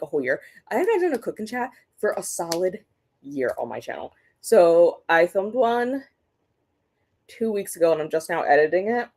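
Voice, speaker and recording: A woman's voice: lowish voice, a little mellow. A young woman hosting a reading stream, chatting casually and ranting with lots of swearing. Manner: ranting, profane, exasperated. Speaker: booktube livestream host. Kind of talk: casual chat during a reading sprint stream.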